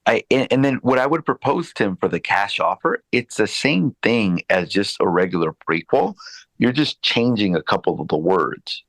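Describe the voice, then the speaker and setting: A man explaining a real estate sales script on a podcast, halting and restarting as he goes. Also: fairly low pitch, lively intonation, a bit bright, no room sound, poor audio.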